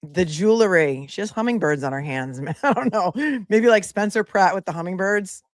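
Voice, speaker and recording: A woman's voice: fairly low pitch, animated, normal speed, no room sound, clean studio sound. A woman attorney hosting a live commentary stream, chatty and sassy, laughing often as she talks to viewers.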